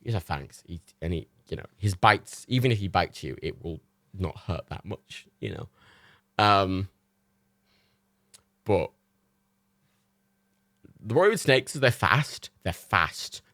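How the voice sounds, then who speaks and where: A young man hosting a livestream, telling rambling anecdotes in casual chat, animated and full of swearing. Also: low voice, a little slow, long pauses, dry recording, clean studio sound. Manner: animated storytelling with swearing and quoted voices. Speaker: livestream host.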